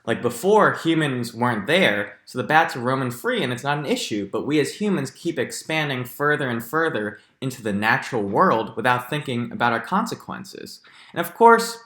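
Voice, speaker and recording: Man, 20s, comedic vlogger, animated, jokey, bright tone, echoey room. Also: normal speed. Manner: animated, jokey, jumps to squeaky highs. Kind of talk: comedic ranking rant.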